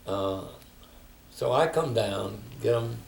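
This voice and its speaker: A man's voice: on the low side, expressive, slow, gravelly, distant mic. An older man telling stories in a reflective oral history interview, often quoting others. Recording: echoey room, faint background noise.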